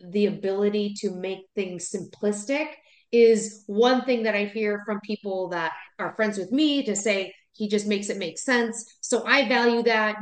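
Chatty woman in an echoey room. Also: medium pitch. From Wisconsin. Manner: chatty, rambling, laughs often. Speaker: podcast co-host. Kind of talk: casual podcast chat.

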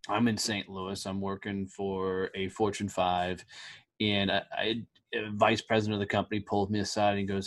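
A middle-aged man hosting a podcast, telling stories in a blunt, profane, animated way. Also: fairly low pitch, moderate pace. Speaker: podcast host. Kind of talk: casual conversational interview.

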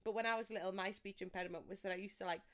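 A woman's voice: medium pitch, fairly even intonation, rapid-fire, a bit bright. A young woman, chatting casually as a podcast co-host, teasing and dry. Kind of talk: casual chat.

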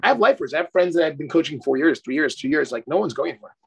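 A man's voice: on the high side, animated, rapid-fire, creaky, fairly bright tone. A middle-aged man, a life coach, talking effusively and emphatically in a casual interview, swearing casually.

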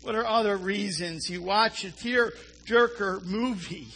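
A man preaching a sermon in a very high, bright and keen voice with a husky, breathy edge. He speaks slowly and deliberately, poses rhetorical questions and answers them himself, and repeats words as he goes. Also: lively intonation.

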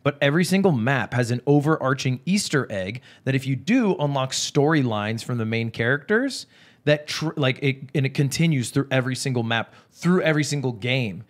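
Brief: young male co-host, dry deadpan teasing, ordinary mid voice. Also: medium pitch, fairly quick. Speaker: podcast co-host. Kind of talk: casual chat. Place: studio, seated beside the host.

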